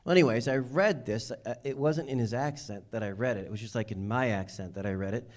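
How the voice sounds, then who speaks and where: A man's voice: mid-range voice, brisk, darkish tone. A man preaching a sermon to his congregation in a church, casual and conversational, building to emphatic peaks. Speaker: pastor. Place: church sanctuary.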